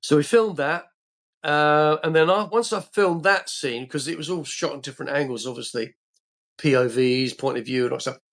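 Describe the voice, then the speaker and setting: A man's voice: fairly high pitch, moderate pace, fairly bright tone. An older man from England, a podcast guest telling rambling anecdotes in a casual way, full of restarts and fillers.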